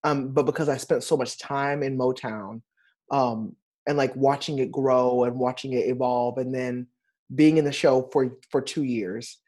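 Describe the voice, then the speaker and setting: A man, a Broadway performer, chatting casually with an animated, emphatic way of telling stories. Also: mid-range voice, unhurried. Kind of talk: casual chat.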